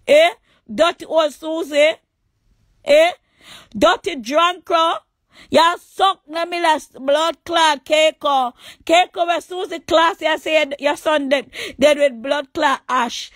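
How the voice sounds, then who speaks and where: Jamaican woman, livestream rant, high voice, dry close sound; taunting, crude, shouts at times. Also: no echo. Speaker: livestream host. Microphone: phone.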